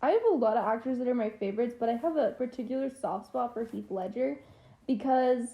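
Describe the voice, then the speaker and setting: A woman's voice: a little high, fairly quick, highs cut off. A young adult woman co-hosting a podcast in casual chat, often laughing between lines. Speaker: podcast co-host.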